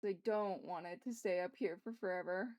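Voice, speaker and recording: In a muffled recording, a young woman with a lowish voice talks fairly quickly as she draws on a live stream. She grumbles to herself, curses a lot, and pokes fun at her own frustration in loose, casual talk.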